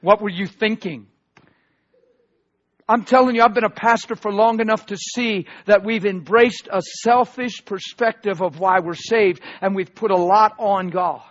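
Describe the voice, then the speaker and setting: A pastor preaching a sermon, swinging from loud emphatic proclamations to hushed asides. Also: male voice, high-pitched, measured pace, muffled recording.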